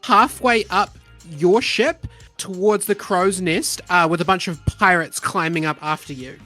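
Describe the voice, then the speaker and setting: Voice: mid-range voice, measured pace, sharp tone, soft background music. A game master narrating a tabletop game in a casual way, with filler words.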